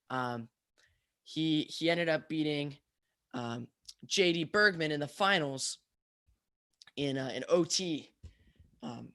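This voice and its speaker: A man's voice: on the high side, sharp tone. A young man co-hosting a casual podcast, telling stories loosely with many ums and likes. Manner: rambling storyteller, many fillers. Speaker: podcast co-host. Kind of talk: casual chat.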